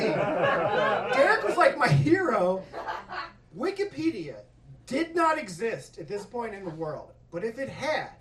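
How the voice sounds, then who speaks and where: A man telling a stand-up story on a comedy stage, swearing freely and acting out yelling coaches. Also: extremely high pitch, a little slow, far from the mic. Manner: profane, animated, acts out coaches' yelling. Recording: echoey hall with crowd laughter, mic from afar. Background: audience laughing.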